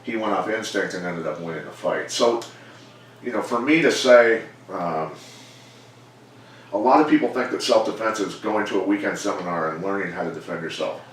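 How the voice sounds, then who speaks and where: Recorded at a gym, this casual interview features a middle-aged man, once a fighter and now a coach, whose voice sits low. He speaks in a measured, plainspoken way, livening up when quoting people, with an echoey room, a distant mic, and slight background noise.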